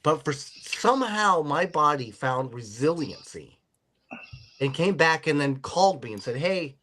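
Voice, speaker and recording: A man's voice: a little high, animated, moderate pace, pushed and bright. A middle-aged man hosting a podcast, telling rambling stories in casual chat with a joking manner. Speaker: podcast host.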